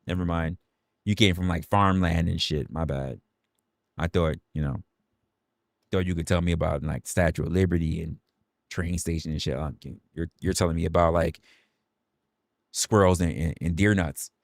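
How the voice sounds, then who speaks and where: A man's voice: deep voice, moderate pace, gravelly, pauses often, no echo, studio quality, pitched below the performer's own voice. A man mimicking a deflated, sarcastic young guy. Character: disappointed young man, flatly dismissive.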